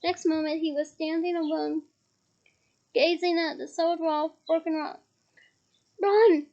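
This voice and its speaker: A woman reading a novel aloud in a steady storytelling manner with small restarts. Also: extremely high pitch, moderate pace, muffled recording. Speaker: reader.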